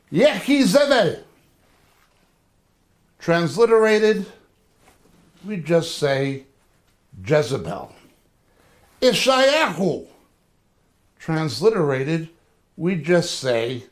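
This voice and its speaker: Slow-spoken, high-voiced male Bible teacher. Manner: slow, deliberate, repeats terms to drill them. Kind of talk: teaching lecture on biblical languages.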